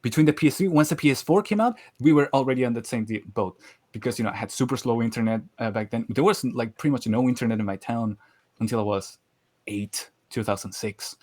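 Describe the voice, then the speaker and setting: A man's voice: mid-range voice, fast talker, darkish tone. Guest, man, 20s, from Chile, easygoing storyteller in casual chat.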